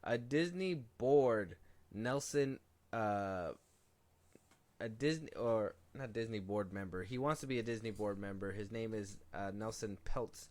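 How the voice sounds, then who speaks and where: A young man co-hosting a film podcast, casually running through film news in a relaxed, rambling way. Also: on the low side, a little slow. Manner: relaxed, rambling, trails off and restarts. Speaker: podcast co-host.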